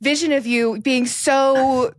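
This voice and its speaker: A woman's voice: sits high, fairly even intonation, slow pace, dry recording, studio quality. A woman co-hosting a podcast, teasing and laughing as she brings in her guest. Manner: giggly, teasing, interviews the guest. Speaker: podcast co-host. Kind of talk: casual podcast chat.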